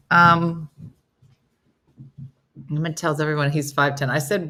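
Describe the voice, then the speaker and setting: A woman hosting a casual live chat from her home, answering viewer comments in an animated, chatty way. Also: low-pitched, a little slow, pauses often. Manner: animated and chatty, jumping between stories and asides. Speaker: host of a live chat show. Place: at home, indoors, with her dogs.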